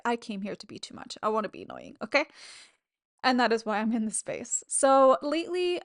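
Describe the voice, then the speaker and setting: Solo podcast host, woman, frank and talkative, swears casually, slightly high voice, dry close-miked sound. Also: no room sound. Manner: candid and chatty, swears freely, laughs between thoughts.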